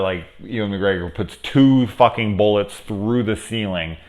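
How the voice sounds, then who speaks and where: A man's voice: lowish voice, moderate pace, darkish tone. A man casually reviewing a horror episode at home close to his camera, rambling and swearing as he retells scenes. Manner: rambling, profane, acts out characters' lines. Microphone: camera mic very close.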